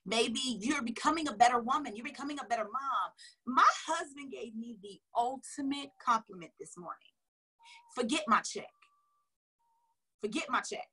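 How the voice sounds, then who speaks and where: A woman's voice: fairly high pitch, moderate pace, sharp tone, slightly rough, low-quality recording. A woman giving a casual motivational coaching talk, emphatic and chatty, repeating her key phrases. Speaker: sales coach.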